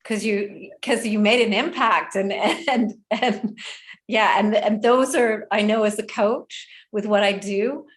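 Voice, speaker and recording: A woman's voice: medium pitch, slow. Supportive woman interview host. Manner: supportive, brief affirmations.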